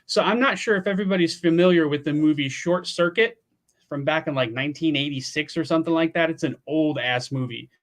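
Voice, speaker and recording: A man's voice: fairly high pitch, brisk. A man around fifty from Pennsylvania, hosting a casual livestream at home and chatting in a laid-back way that includes casual swearing. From Pennsylvania, USA. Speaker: livestream host.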